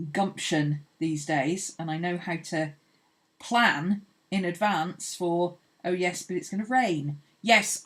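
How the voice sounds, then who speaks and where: A woman hosting an art channel, chatting casually and rambling cheerfully as she sketches. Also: lowish voice. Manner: chatty, rambling, laughs easily. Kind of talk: casual chat while sketching.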